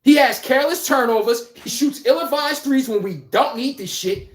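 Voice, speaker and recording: A man's voice: very high-pitched, normal speed, reverberant. A man hosting a casual live-stream sports podcast, talking bluntly and animatedly, swearing and laughing as he rants. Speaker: podcast host.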